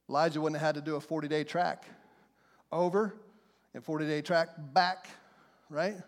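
A man preaching a sermon in a church, fervent and conversational, often putting questions to the congregation. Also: sits high. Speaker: pastor. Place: church sanctuary. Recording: long reverb of a large hall.

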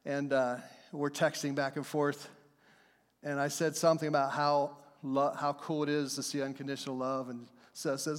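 A man's voice: a little high, flat delivery, moderate pace. A middle-aged man preaching a sermon as pastor, talking conversationally, slipping into playful acted voices and laughing along with his points. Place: church sanctuary. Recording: long hall reverb.

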